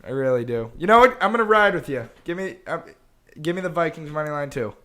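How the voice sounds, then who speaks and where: A young man co-hosting a casual sports betting podcast, excitable and chatty. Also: on the high side, fast. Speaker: podcast co-host.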